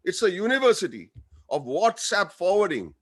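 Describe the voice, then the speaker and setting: An Indian man talks to a webinar over a video call. His voice sits fairly high for a man. He mixes light jokes with earnest gratitude and moves freely between English and Hindi. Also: big pitch swings, moderate pace. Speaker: guest speaker, actor. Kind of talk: informal webinar speech.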